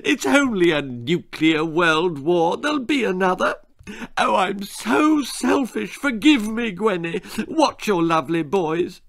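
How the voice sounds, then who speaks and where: A sobbing, overwrought mother who wails every line as if her world is ending, as a man puts her on. Her voice rides up high above his own and swoops with drama. It is a storybook figure, overplayed for comic effect. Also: lively intonation, unhurried, a bit bright, full character voice. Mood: wailing. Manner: melodramatic, sobbing self-reproach. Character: weepy, theatrical mother wailing over her daughter.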